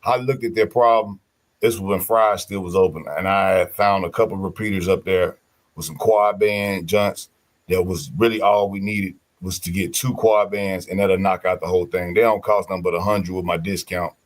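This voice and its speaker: A man telling stories in casual podcast chat, animated, slangy and profane. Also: low-pitched, moderate pace.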